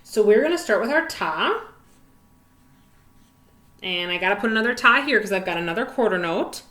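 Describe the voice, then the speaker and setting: A woman teaches a music lesson on video for young children, cheerful and encouraging. Her pitch swings widely, her tone is bright, and the room echoes. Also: lively intonation, moderate pace. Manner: cheerful, encouraging, sing-song with whispered rests.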